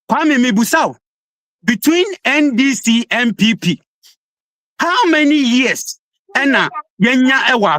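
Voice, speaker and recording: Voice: mid-range voice, a bit bright, no echo. Ghanaian accent, opposition spokesperson, heated debate, emphatic, insistent, code-switching, dry close sound. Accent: Ghanaian English.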